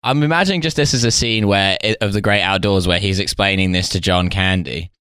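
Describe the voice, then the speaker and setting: A man's voice: sits low, a little fast, sharp tone, smooth, no room sound, studio quality. A man co-hosting a comedy podcast, telling jokes and laughing at his own bits. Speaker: podcast co-host. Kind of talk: casual comedy podcast chat.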